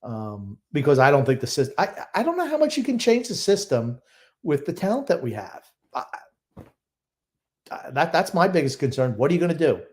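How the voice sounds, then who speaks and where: A man's voice: a little high, big pitch swings, moderate pace, a little mellow. A man co-hosting a casual sports podcast, giving blunt, grumbling opinions. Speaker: podcast co-host.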